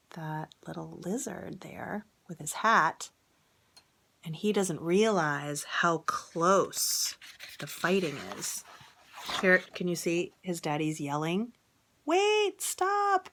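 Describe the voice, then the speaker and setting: A woman reading a picture book aloud to children, gently, with whispered asides and questions. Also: lowish voice, takes it slowly, gravelly. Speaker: storybook reader.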